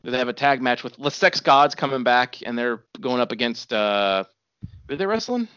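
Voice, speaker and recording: A man talks in casual chat in a laid-back, somewhat hesitant way, filling in details as he goes. His voice is mid-pitched. The sound is dry and a little lo-fi. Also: animated, normal speed, fairly bright tone, clear, resonant tone, no room sound. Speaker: podcast co-host.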